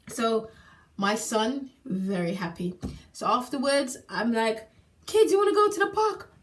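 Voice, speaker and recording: A woman with a fairly high voice recounts her own experience in a casual testimonial vlog. She talks emphatically, leaning on repeated words and laughing now and then. She sits a little back from the microphone, so the sound is slightly distant. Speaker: single mother sharing a product testimonial.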